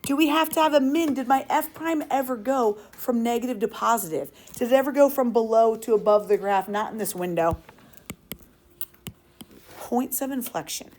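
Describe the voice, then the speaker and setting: A woman's voice: fairly high pitch, normal speed, a little mellow. Upbeat woman teaching a class. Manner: upbeat and playful, asks the class questions. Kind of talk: classroom lesson.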